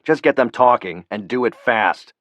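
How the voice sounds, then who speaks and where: A man's voice: mid-range voice, animated, moderate pace, fairly bright tone, no echo, lightly acted. A man voicing a blunt, furious male CIA operative who curses and speaks with cold anger. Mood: angry.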